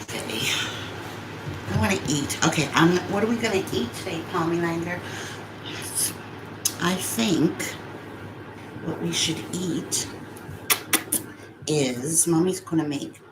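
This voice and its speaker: A woman chats slowly from her bed, a little out of breath, and slips into cooing baby talk for her dogs. The phone recording has a roomy echo with a faint hum of ambience behind her. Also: on the low side. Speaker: vlogger. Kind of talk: casual vlog from bed. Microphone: phone camera.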